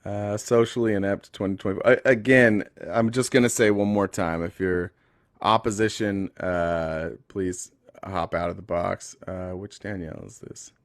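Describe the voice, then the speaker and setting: A man's voice: low-pitched, steady tone, normal speed, dry recording, studio quality. A man hosting a casual live stream, blunt and talking straight to his callers. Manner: blunt, talks to callers directly. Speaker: livestream host.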